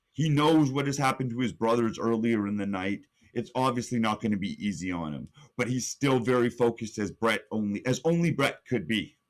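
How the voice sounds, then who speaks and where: A young man co-hosting a podcast, telling an imagined match blow by blow and building hype with sudden rises in his voice. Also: mid-range voice. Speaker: podcast co-host. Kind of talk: animated play-by-play storytelling.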